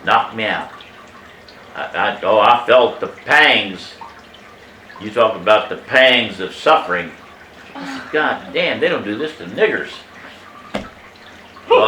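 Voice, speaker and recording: A man in his eighties telling a family story from his childhood in a casual, animated way, emphatic and salty, chuckling as he goes. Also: lowish voice, slow pace, pauses often, a little hiss or hum. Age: 80s. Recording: echoey room, mic at a distance.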